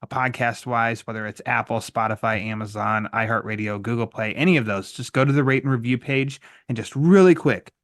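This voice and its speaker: A male podcast host chatting casually, loose and rambling with plenty of ums and quick jokes. His voice sits at an ordinary middle pitch, recorded close on a dry mic with no room sound. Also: no echo. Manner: relaxed, rambling, frequent fillers and jokes. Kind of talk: casual podcast chat and outro.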